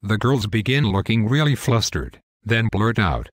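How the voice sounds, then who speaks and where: A man's voice: fairly low pitch, very animated, moderate pace, no room sound. A young man telling a wild story in a casual, profane, matter-of-fact way. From United States. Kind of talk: casual scripted story narration.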